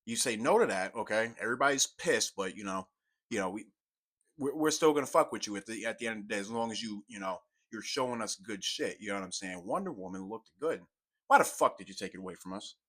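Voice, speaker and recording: A young man giving a profane, exasperated commentary rant, swinging from low mutters to loud outbursts. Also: lively intonation, fast. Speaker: commentary YouTuber. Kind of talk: ranting commentary.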